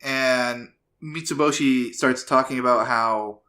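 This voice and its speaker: A man with a bright, forward voice at an everyday middle pitch, retelling an episode in an easygoing podcast chat. He rambles a little, fills gaps with "uh", and drops in quick quoted lines. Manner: loose retelling with quick put-on quotes and fillers. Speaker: podcast co-host. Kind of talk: casual podcast recap.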